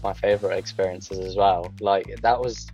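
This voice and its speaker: A man's voice: deep voice, steady tone, normal speed, dark tone, faint music behind. A young man, a drama student, telling his story casually in an interview, chatty and full of fillers, joining online. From Coventry, England. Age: young adult. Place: online call.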